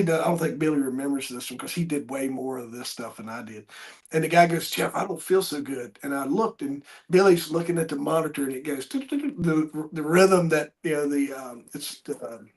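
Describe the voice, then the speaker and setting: A middle-aged man hosting a podcast and telling stories with animation, raising his voice to act out what people said. His voice sits a little high for a man. He talks in restarts and hesitations as he goes. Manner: animated storyteller, acts out quotes loudly, many restarts. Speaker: podcast host. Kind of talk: conversational interview, storytelling.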